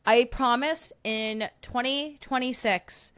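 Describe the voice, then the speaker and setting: A woman's voice: mid-range voice, lively intonation, normal speed, fairly bright tone, no echo, clean studio sound. A woman hosting a livestream, chatting casually and laughing at herself. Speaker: livestream host.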